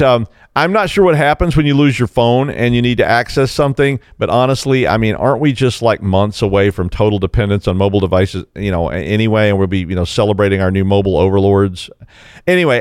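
A man's voice: on the low side, fairly quick, clear, resonant tone, no echo, studio quality. A middle-aged man hosting a casual tech news commentary, wry and sarcastic, rambling with stutters and restarts. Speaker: tech news show host.

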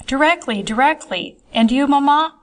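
A woman voicing an excited young noblewoman in an audiobook, with a raised, insistent, breathless delivery. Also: sits high, normal speed, voice pushed up. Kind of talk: audiobook character voice.

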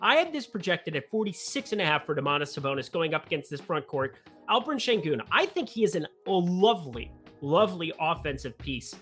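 A man's voice: fairly high pitch, fairly quick, faint music behind. A man hosting a casual sports betting show, chatting through his picks with joking asides about himself. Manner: animated, chatty, with self-mocking asides.

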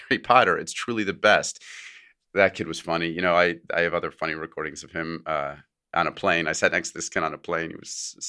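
A deep-voiced man co-hosts a relaxed podcast. His tone is bright and forceful, and he breaks into laughs and quips while reading a listener's letter. The talk is loose and friendly. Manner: laughs often, joking asides while reading. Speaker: podcast co-host.

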